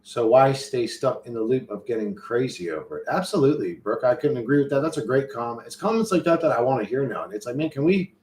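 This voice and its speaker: A man's voice: mid-range voice, lively intonation, fast, few pauses, darkish tone, a little hiss or hum. A man talks in a loose, profane, slang-heavy ramble, restarting his sentences as he goes. He sounds like a casual stream host chatting with viewers, and his voice bounces around a roomy, echoey space. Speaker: livestream host reading chat. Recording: roomy echo.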